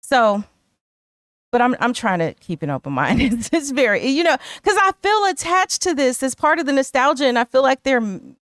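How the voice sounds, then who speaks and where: A middle-aged woman co-hosting a talk show, her voice sitting a bit high and coming through smooth and clear. She muses out loud, circling back with plenty of "you know." The sound is close and dry. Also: very animated, normal speed, dry recording. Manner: chatty, thinking aloud with many "you know"s. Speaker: podcast co-host. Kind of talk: casual chat.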